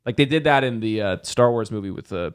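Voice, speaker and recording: Rambling low-voiced male podcast host. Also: fast, clear, resonant tone. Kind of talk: casual podcast banter.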